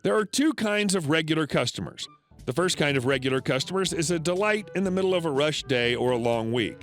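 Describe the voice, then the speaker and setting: A man with a fairly high voice reads first-person stories aloud. His pitch rises and falls a lot, so the telling sounds animated rather than flat. Soft music plays quietly under him. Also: fairly quick. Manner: steady storytelling read with lively swings into quoted characters. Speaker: narrator. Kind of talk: scripted narration of online stories. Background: faint background music.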